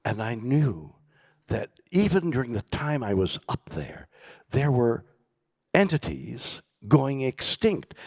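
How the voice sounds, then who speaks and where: Older male keynote guest, theatrical storyteller with a lively, swooping delivery and a dry close sound. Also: mid-range voice, gravelly, breathy edge, no echo. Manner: theatrical, swings from loud bursts to hushed whispers. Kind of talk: dramatic storytelling conversation. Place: conference stage.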